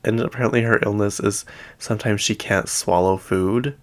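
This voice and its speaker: A man's voice: fairly low pitch, fairly even intonation, normal speed. A man hosting a gossip recap from home, chatty and rambling, full of "like". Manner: chatty, rambling, heavy use of "like". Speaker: gossip show host. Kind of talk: casual reality-TV gossip recap.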